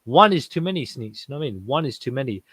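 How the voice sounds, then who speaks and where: A man's voice: medium pitch, big pitch swings, fast talker, fairly bright tone, husky, no room sound. Slangy British man on a dry mic. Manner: slangy, swearing, keeps asking "you know what I mean". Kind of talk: casual panel chat.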